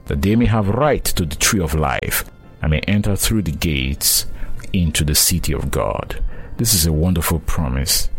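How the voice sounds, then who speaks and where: A man's voice: low-pitched, slightly rough. A man preaching a sermon, speaking earnestly to the listener as a friend and rising to fervent emphasis when he quotes scripture. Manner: addresses listener directly as friend.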